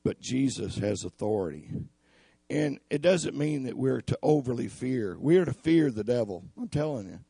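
A man with a raspy voice preaching a sermon in an earnest, emphatic way. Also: mid-range voice, expressive, normal speed, warm tone, no room sound. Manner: earnest, emphatic, addresses listeners as y'all.

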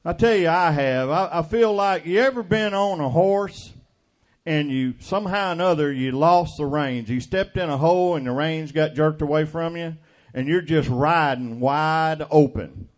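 A man's voice: on the high side, moderate pace, no echo. An older man preaching a sermon in a folksy, homespun way, full of questions to the congregation.

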